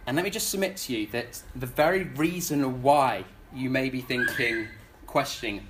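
At a church gathering, a young man preaches earnestly and pleadingly, often starting his words over. He alternates between intense bursts and softer, slower stretches, in a mid-range voice with a little hiss or hum in the audio.

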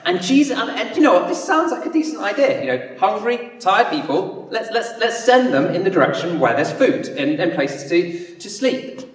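In an echoey hall, picked up from a distance, a man preaches a sermon with a high, sing-song voice at normal speed. His style is conversational storytelling, and he often acts out the voices of the people in his story.

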